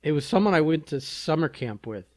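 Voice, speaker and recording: A man's voice: a little high, animated, a little fast, dry recording, clean studio sound. A man co-hosting a podcast in casual chat, making wry quips with hesitant fillers. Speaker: podcast co-host.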